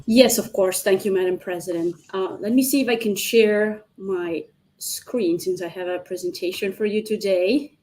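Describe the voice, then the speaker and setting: A woman speaking as counsel against the motion in a mock hearing. She makes a measured, formal argument over a video call and addresses the tribunal directly. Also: mid-range voice, steady tone, dark tone.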